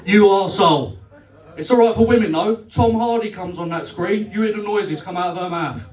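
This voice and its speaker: Cheeky comedian in a roomy club. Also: male voice, sits high, fairly quick. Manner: cheeky, swearing, acts out quarrels. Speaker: stand-up comedian. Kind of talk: live stand-up set with crowd work. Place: club function room on stage. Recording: roomy live sound from far off.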